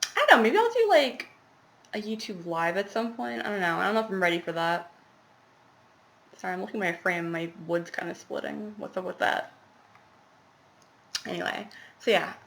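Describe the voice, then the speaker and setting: A woman's voice: mid-range voice, expressive, normal speed, creaky, long pauses, fairly bright tone. Chatty young woman vlogging at home. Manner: chatty, rambling, laughing asides. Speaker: cross-stitch vlogger. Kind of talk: casual chat to camera. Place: small apartment at home.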